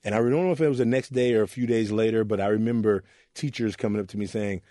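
Recorded dry at studio quality, this Oakland youth mentor talks fast and expressively in a warm, medium-pitched voice. His candid interview is full of earnest personal stories in which he acts out the voices of people he quotes.

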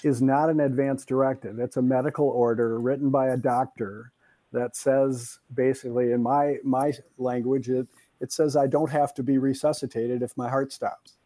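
A man's voice: medium pitch, flat delivery, moderate pace, dark tone, no echo. A male expert guest on a call-in program who explains legal and medical matters with wry asides and frequent stammering restarts. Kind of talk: expert advice on a call-in show.

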